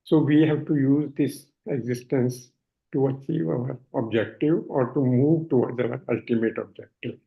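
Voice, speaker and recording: Brief: older Indian man, measured explanatory lecturer, narrow phone-like audio from a video call. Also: mid-range voice, vocal fry. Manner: measured, explanatory, with many fillers. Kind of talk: online lecture presentation.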